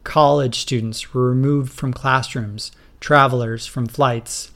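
Man, storyteller, scripted narration, steady delivery, mid-pitched voice. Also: slow pace.

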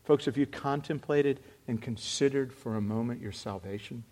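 A man preaching a sermon as a pastor, swinging between loud exclamation and hushed reflection. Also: mid-range voice, normal speed.

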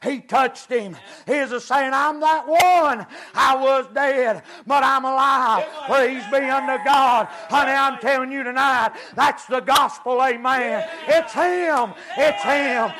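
A man preaching a revival sermon in a drawl, his voice pitched very high. He takes it slow and drawn out, building through chanted repetitions into shouts. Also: a crowd in the background.

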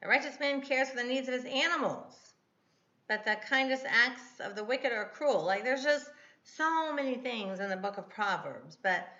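A woman's voice: fairly high pitch, animated, moderate pace, sharp tone, muffled recording. Chatty grandmother in an echoey room. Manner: chatty, rambling, self-correcting. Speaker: podcast host. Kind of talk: casual devotional podcast talk.

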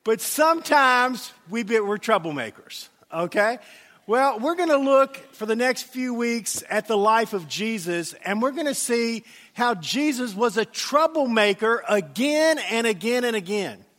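A man's voice: very high-pitched, animated, unhurried, a bit bright, in a large hall. A man preaching a sermon as pastor, telling a funny story and playing the voices in it. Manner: humorous, acts out voices in anecdotes. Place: church sanctuary.

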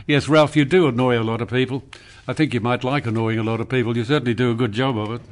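A man playing a veteran older Australian radio host, wry and unhurried, in a comedy radio sketch. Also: medium pitch, steady tone, soft background music, natural voice. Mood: dry.

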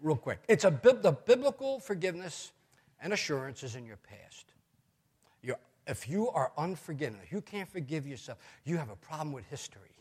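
An older male preacher with a slightly high, husky voice, telling stories from the pulpit with animated asides. His words ring out with a long reverb, as if recorded in a large church hall. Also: moderate pace. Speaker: pastor. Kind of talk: sermon.

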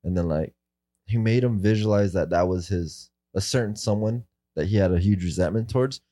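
A man with a deep, warm voice talks casually and at length, tumbling through his story with constant fillers and frequent swearing. The sound is dry and close. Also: brisk, no echo. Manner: rambling, fillers and profanity. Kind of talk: casual chat.

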